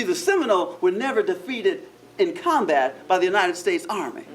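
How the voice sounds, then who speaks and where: A man's voice: very high voice, a bit bright, a little hiss or hum. A man, a park ranger, telling a first-person historical character story to a live audience in a theatrical, playful way, with frequent chuckles and asides to the listeners. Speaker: park ranger giving a living-history talk.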